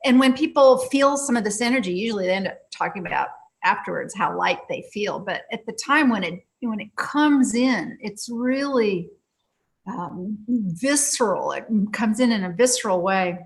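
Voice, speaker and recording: A woman's voice: medium pitch, normal speed, gravelly. A woman telling a story from one of her healing sessions in a casual talk, full of fillers, restarts and frequent laughter. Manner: lively, many fillers and restarts, laughs often. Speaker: healing practitioner guest.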